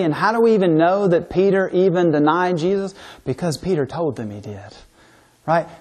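A male preacher with a somewhat high-pitched voice delivers an emphatic sermon. He keeps pressing his listeners with rhetorical questions and reads scripture aloud. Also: darkish tone.

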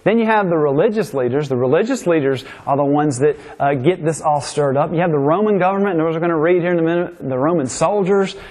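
A preacher explains scripture in an informal, chatty sermon and keeps checking in with "right?". His voice sits fairly high for a man. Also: fast talker, few pauses, a little mellow. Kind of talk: conversational sermon.

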